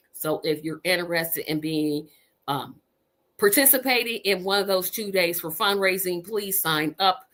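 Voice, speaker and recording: Woman in her fifties from Indiana, podcast host; bright, lively, emphatic chat that loops back on itself. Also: lowish voice. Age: 50s. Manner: animated, emphatic, repeats words for effect. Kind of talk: casual chat.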